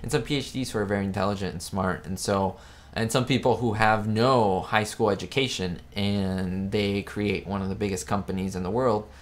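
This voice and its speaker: A man with a slightly low voice hosts a casual live stream. He talks on in a chatty, rambling way. He often breaks off to fix his own facts. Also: fairly even intonation, normal speed. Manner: rambling, chatty, self-correcting. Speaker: host of a live chat show. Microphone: webcam setup.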